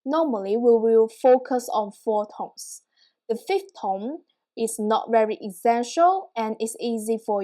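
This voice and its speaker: Woman, young adult, online lesson, unhurried, checks understanding, higher-pitched. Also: mellow. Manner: slow, patient, checks in with "yeah?". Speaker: Mandarin teacher.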